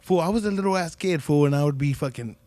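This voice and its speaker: A man's voice: a little high, fast, dark tone, dry recording. Profane, storytelling man on a podcast. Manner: loose, profane storytelling with acted-out quotes. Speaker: podcast host. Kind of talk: casual chat.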